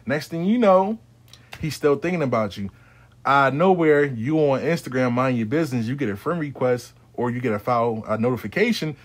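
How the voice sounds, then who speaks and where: Man, spiritual adviser, casual advice talk, slangy, profane, rambling, mid-pitched voice. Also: animated, a little fast.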